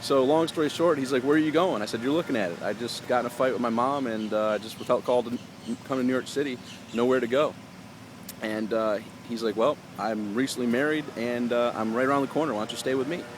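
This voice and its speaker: A man's voice: medium pitch, fast talker, background noise. A middle-aged man casually telling a personal story to camera in an earnest, chatty way, with fillers and restarts, recorded outdoors with lawn workers nearby.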